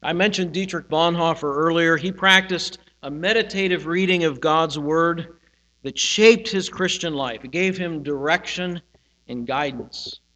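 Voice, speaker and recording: A male pastor giving a sermon, teaching in a slow, reflective way and pausing on single words. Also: a little high, sharp tone. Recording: hall reverb with mains hum.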